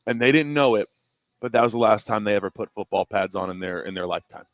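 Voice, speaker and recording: A man talking college football in a casual, halting way on a sports radio show. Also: lowish voice, no echo. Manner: chatty, halting, with restarts.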